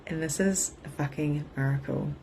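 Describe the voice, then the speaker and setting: Animated low-voiced woman, swearing casually. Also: moderate pace, a little hiss or hum. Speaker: spiritual coach. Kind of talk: casual livestream talk to viewers.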